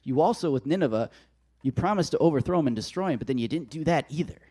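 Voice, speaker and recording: A man's voice: fairly high pitch, expressive, fast talker, mellow, husky. A man voicing a desperate, exasperated prophet who pleads and complains in a whiny tone.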